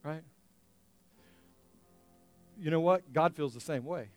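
A male pastor preaching a lively sermon, laughing often and acting out scenes for the congregation. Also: a little high, slow, pauses often, faint music behind. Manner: animated, laughing often, acting out an excited dog.

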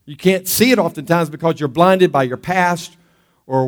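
Lively, high-voiced pastor preaching. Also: male voice, normal speed, big-room sound. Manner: lively preaching, asks congregation for amens. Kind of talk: sermon.

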